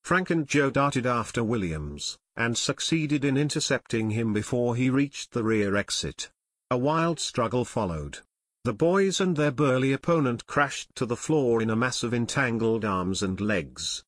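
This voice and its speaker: Male audiobook narrator, steady delivery, medium pitch, dry booth recording. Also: measured pace, no room sound.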